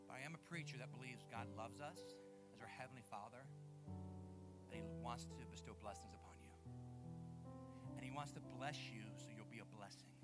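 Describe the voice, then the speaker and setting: A middle-aged man preaching a passionate sermon as a guest pastor in a church, building to loud, excited peaks. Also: mid-range voice, low-quality recording. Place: church sanctuary. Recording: music playing behind.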